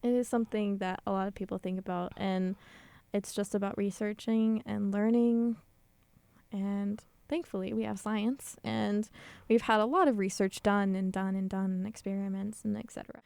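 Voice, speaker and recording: A young woman hosting a casual podcast, gently asking questions and explaining terms for listeners. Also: medium pitch, flat delivery, normal speed, vocal fry, clean tone, no echo. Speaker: podcast host. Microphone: studio microphone.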